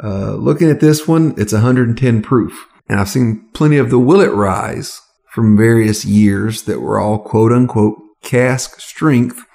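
A man's voice: on the low side, measured pace, vocal fry, hardly any pauses, darkish tone. A man from the American South co-hosting a casual whiskey tasting, easygoing and joking, with hesitant restarts.

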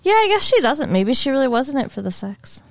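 A woman co-hosting a podcast, chatting casually, blunt and expressive, laughing often. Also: sits high, a little fast. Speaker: podcast co-host. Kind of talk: casual chat.

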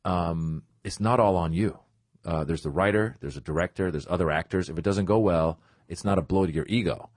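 A middle-aged man, a comedian, telling a casual anecdote as a guest and acting out his own past thoughts in lively quotes. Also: low voice, a little fast, no room sound, studio quality.

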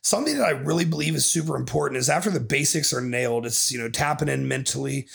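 A man's voice: mid-range voice, fast talker, gravelly, fairly bright tone. A man hosting a podcast as a bodybuilding coach, ranting in an aggressive, profane way and swearing constantly.

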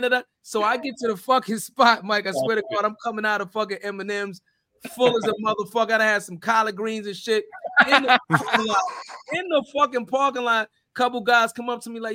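High-voiced fast New man. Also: fairly even intonation, bright, forceful tone, no room sound, clean studio sound. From New York. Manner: profane, laughing street storytelling. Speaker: podcast co-host. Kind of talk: casual storytelling chat.

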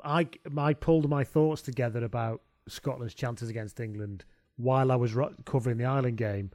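A man's voice: mid-range voice, fairly even intonation, a little fast, a little mellow, dry recording. A man co-hosting a casual sports chat, with dry, wry asides and casual swearing. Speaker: podcast co-host.

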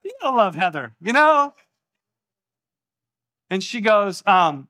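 A man preaching with a high, bright and forceful voice. He tells a personal story with lots of animation and acts out the voices in it. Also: big pitch swings, takes it slowly, long pauses. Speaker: pastor.

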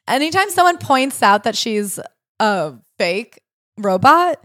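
A woman's voice: on the high side, big pitch swings, takes it slowly, a bit bright, no room sound. Woman cohost, chatty and jokey, acts out the quotes, dry close sound. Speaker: podcast co-host. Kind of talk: casual chat retelling a memoir.

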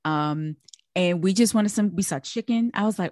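A woman with a somewhat low voice hosts a relaxed conversation. She responds to her guest with eager agreement and tells her own stories. The recording is dry and close to the mic. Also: no room sound. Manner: enthusiastic, quick to laugh and agree. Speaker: host. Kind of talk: casual chat.

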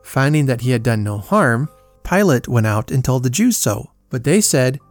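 A man's voice: medium pitch, sing-song, moderate pace. Man reading a solemn Bible story. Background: faint guitar music.

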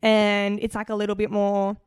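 A woman's voice: medium pitch, completely flat delivery, moderate pace, smooth, no echo, clean studio sound. A young woman from Queensland with an Australian accent, co-hosting a podcast and telling stories in chatty, giggly casual talk. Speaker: podcast co-host. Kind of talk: casual chat.

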